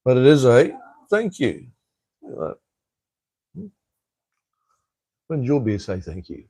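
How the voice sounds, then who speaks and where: Gravelly, rambling man. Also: mid-range voice, wildly swooping pitch, takes it slowly, a little mellow, no room sound. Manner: rambling, swears freely, lots of ums and restarts. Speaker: livestream host. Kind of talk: casual live-stream chat.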